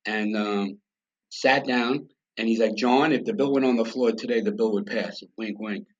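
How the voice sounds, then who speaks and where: A middle-aged man with a husky, rough-edged voice, talking a little low. He tells his stories bluntly, throwing in profanity and animated asides. The recording sounds dull and lo-fi. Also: moderate pace. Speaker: podcast guest. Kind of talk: casual storytelling.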